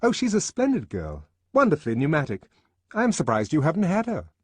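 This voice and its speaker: A man's voice: on the high side, wildly swooping pitch, a little fast, breathy edge, dry recording, voice pushed up, full character voice. A man voicing a boastful, crude young man with a breezy, smug delivery.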